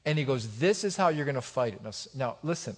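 A pastor preaching a sermon, swinging from loud emphatic exhortation to quiet asides to the congregation. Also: male voice, mid-range voice, expressive, fast talker, husky.

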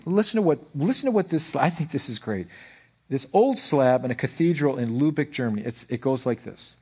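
A man pastor preaching a conversational sermon, telling stories with frequent restarts and an animated delivery. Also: medium pitch, normal speed, breathy edge.

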